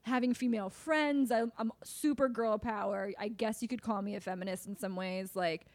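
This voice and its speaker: A woman's voice: mid-range voice, steady tone, moderate pace, a little mellow, dry recording. A woman guesting on a podcast, talking bluntly, swearing freely and laughing often. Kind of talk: casual chat.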